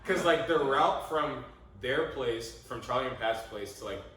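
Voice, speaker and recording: Young man, casual podcast storytelling, animated, swears a lot, very roomy echo. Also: mid-range voice, a little slow. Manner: animated, laughing, swears freely, quotes himself. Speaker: podcast co-host. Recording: echoey room, mic at a distance.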